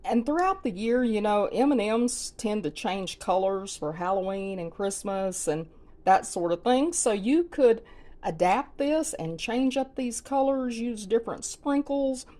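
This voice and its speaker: A woman's voice: medium pitch, lively intonation, a little slow, warm tone. Chatty woman hosting a home cooking video. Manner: chatty, homey, talks to viewers directly. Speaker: recipe channel host. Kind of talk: casual cooking demo.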